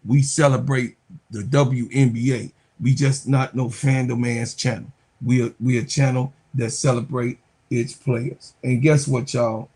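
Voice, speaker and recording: A man's voice: mid-range voice, flat delivery, measured pace, a little mellow, husky. A man hosting a basketball channel, giving casual, hyped commentary full of slang and repeated phrases. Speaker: sports channel host.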